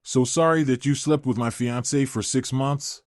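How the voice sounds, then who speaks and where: A man's voice: medium pitch, normal speed, a little mellow, no room sound, clean studio sound, close to an everyday voice. A man voicing a betrayed young woman who speaks firmly and coldly. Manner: firm, cold.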